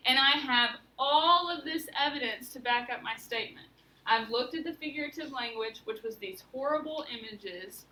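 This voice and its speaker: A woman teacher leads a class lesson, asking questions and walking her students through it step by step. Her voice is high-pitched and sharp at a moderate pace, and the distant mic picks up a roomy sound with faint room noise.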